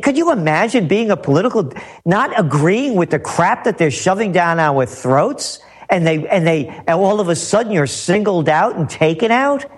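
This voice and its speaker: Brief: high-voiced, animated male pundit, emphatic, repetitive, full of rhetorical questions. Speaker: guest commentator. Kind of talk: heated political talk.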